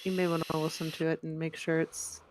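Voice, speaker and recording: A woman's voice: sits low, flat delivery, fairly quick, slight background noise. A woman co-hosting a live podcast, chatting casually with a slightly hesitant, filler-laden manner. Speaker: podcast co-host.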